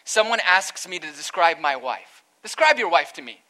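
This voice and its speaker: A man's voice: fairly high pitch, very animated, moderate pace, bright, forceful tone. A man, a pastor, preaching an earnest expository sermon that rises to emphatic peaks.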